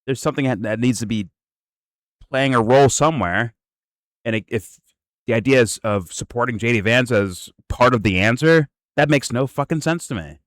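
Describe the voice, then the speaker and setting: A man's voice: mid-range voice, moderate pace, dry recording. A male host giving casual reaction commentary, incredulous and profane, rambling and restarting his sentences.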